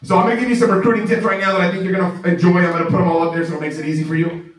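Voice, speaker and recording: Excitable male sales trainer, echoey room. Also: sits high, rapid-fire, recorded from a distance. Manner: energetic and excitable, laughs often, peppers talk with "right?". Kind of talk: motivational training talk. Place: large room with a live audience.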